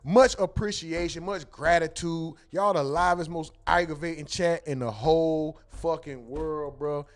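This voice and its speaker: A man's voice: on the high side, unhurried, few pauses. A man hosting a casual livestream, reading out chat comments in a loose, joking and profane way. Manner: loose, joking, profane, sings and mumbles to himself. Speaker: streaming show host.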